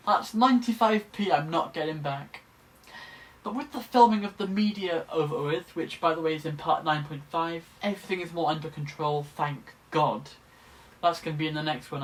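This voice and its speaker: A man's voice: a little high, a bit bright. A young man, chatting casually to camera from his bedroom in a rambling, self-deprecating way. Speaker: vlogger.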